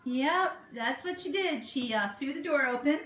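A woman's voice: sits high, expressive, normal speed, a bit bright. A woman filming her horse in her office, chatting to it in a doting, baby-talk manner. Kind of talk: casual vlog talking to a horse. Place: indoor office beside a stable. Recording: echoey room with faint background noise.

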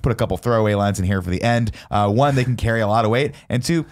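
A man's voice: fairly low pitch, rapid-fire. A man co-hosting a podcast, casually recapping a film and acting out characters in goofy voices. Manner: animated retelling, acting out characters in silly voices. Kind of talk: casual chat.

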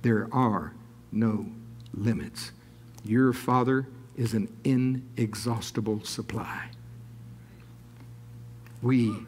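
A man's voice: mid-range voice, a little hiss or hum. A man preaching a sermon, moving into earnest spoken prayer and chuckling between phrases as he rises into fervent declarations. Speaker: pastor.

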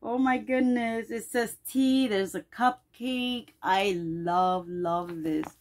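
A woman's voice: mid-range voice, slow pace. A middle-aged woman vlogger opening packages and gushing her thanks in casual unboxing chat.

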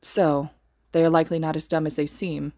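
A woman voicing a calm, rational teenage boy in a podfic reading. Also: low voice, fairly quick, no room sound, clean studio sound.

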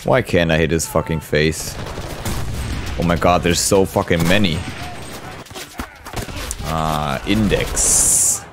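A man's voice: deep voice, takes it slowly, long pauses, background noise. A man streaming a war shooter, commenting on the action as he plays, swearing often and chatting with his viewers. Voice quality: swears often, talks to chat mid-game. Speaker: gaming streamer. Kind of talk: live gameplay commentary. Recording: game gunfire and explosions behind the voice. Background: gunfire and artillery from the game.

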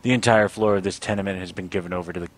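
A man's voice: deep voice, fairly even intonation, racing. A young man giving casual let's-play commentary, sarcastically reading game dialogue aloud in a lightly raised voice. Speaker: gaming video host.

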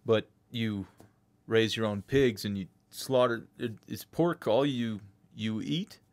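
Calm low-voiced podcast host. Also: male voice, slow.

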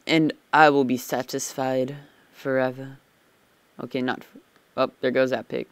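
A man's voice: medium pitch, flat delivery, measured pace, a bit bright, clean tone, no room sound. A man giving rambling, chatty commentary while playing a game, easily startled. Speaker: let's play gamer. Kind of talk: casual gameplay commentary.

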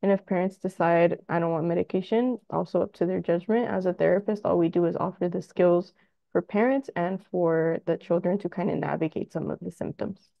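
A woman therapist talks parents through child behavior in a relaxed, conversational way, now and then acting out little scenes with kids. Her voice sits low with a gravelly fry. The sound is dry and a little dull. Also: brisk, no echo. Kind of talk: presentation to parents.

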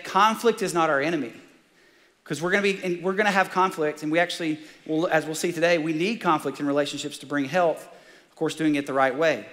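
A man preaching in a large church, his raised voice carrying a long hall reverb. He talks with fired-up, excitable energy and sits a touch high for a man. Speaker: pastor. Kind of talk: sermon.

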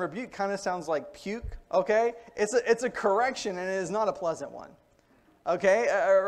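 Conversational male preacher giving a sermon. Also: fairly high pitch. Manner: conversational, explanatory, asks the congregation "okay?". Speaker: pastor. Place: church.

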